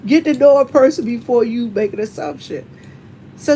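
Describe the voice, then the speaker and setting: A woman's voice: a little high, normal speed, mellow, a little hiss or hum, poor audio. A woman vlogger telling stories in a chatty, casual way, laughing often and talking to her viewers as y'all. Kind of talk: casual storytelling.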